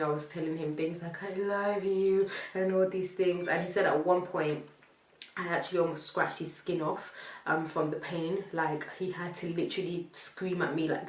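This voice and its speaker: Young woman, casual storytime, animated, slightly low voice, echoey room. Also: distant mic. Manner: animated, acts out quotes, laughs between lines. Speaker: vlogger telling her birth story.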